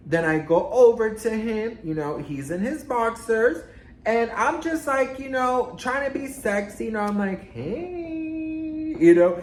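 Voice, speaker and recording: A man telling a storytime in a sassy, dramatic way, swearing and swinging his pitch up and down. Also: measured pace, roomy sound. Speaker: storytime vlogger. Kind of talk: casual storytime monologue.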